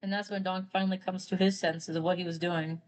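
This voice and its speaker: A woman's voice: lowish voice, flat delivery, brisk, slight background noise. A woman retelling a story casually while drawing on a live stream, rambling and quoting characters with "he's like". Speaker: artist streamer.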